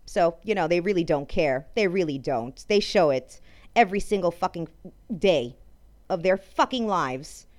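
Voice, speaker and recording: A woman's voice: fairly low pitch, expressive, moderate pace, a little mellow. A woman host ranting in anger, swearing a lot and breaking off mid-sentence as she talks. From France. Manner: angry, profane ranting. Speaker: podcast host. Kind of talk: ranting monologue.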